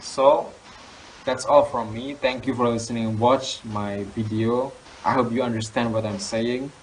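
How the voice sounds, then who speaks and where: A young man, a student teacher giving a lesson on poetry, reading definitions slowly with fillers and restarts. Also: medium pitch, fairly even intonation, slight background noise, low-quality recording. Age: young adult. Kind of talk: classroom lesson explaining poetry.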